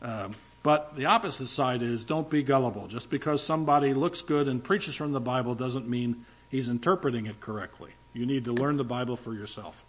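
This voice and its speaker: A man's voice: medium pitch, brisk, highs cut off. An older male pastor preaching a sermon in a conversational, emphatic way, with asides to the congregation.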